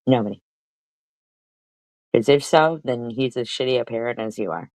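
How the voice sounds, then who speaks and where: Very low voiced middle-aged woman cussing out a clip on her stream, dry close sound. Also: normal speed, a little mellow, no echo, poor audio. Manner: profane, mocking, talks back at a played clip. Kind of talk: heated commentary over played clips.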